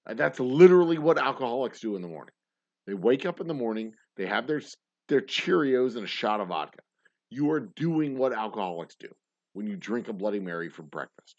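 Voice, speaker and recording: A tipsy man, hosting a casual livestream and rambling fast. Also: mid-range voice, very animated, no echo, dull audio. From Texas. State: tipsy, slurring. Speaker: livestream host.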